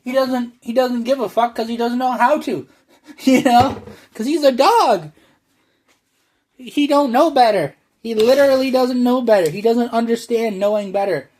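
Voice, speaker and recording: A man's voice: very high-pitched, normal speed, a little mellow. A man delivering a rambling, profane monologue to his viewers, playing up a brash, exaggerated online persona. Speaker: online video creator.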